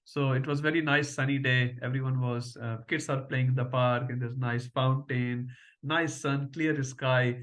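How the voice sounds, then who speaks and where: A man's voice: medium pitch, fairly even intonation, normal speed, a bit bright. A middle-aged man teaching a devotional scripture class, telling stories and often checking in with a questioning "huh?".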